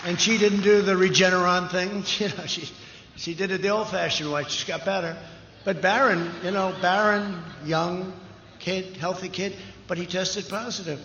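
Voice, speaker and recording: A man at a political rally talks at a moderate pace in a high, sharp voice with fairly even intonation, boasting and rambling through digressive asides. Some chatter sits behind him amid slight background noise, and the large venue's echoey lo-fi sound system carries it all.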